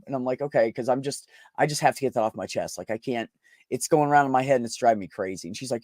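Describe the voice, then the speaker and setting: A man's voice: mid-range voice, fast talker, darkish tone, dry recording, clean studio sound. A man candidly telling a personal story in casual conversation, blunt and emotional, swearing often. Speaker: podcast host.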